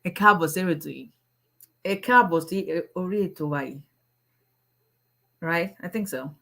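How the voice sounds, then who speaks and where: A woman's voice: on the low side, fairly quick, creaky, a bit bright. A woman, an immigration attorney chatting casually on a livestream, greeting viewers and laughing often.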